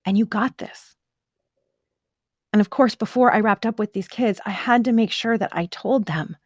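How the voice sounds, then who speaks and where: A woman's voice: mid-range voice, normal speed, no echo, clean studio sound. A woman speaker telling a personal story in an earnest, chatty way, full of "like" and "right?". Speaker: motivational speaker. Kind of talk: casual storytelling to camera.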